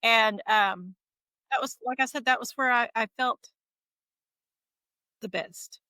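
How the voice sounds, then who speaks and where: A middle-aged woman tells her own story as an interview guest. Her voice is bright and forward, and the recording is dry. She keeps things lively and slips into the voices of the people she quotes. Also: fairly high pitch, slow pace, dry recording, poor audio. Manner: lively retelling that acts out quoted dialogue. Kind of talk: casual conversational storytelling.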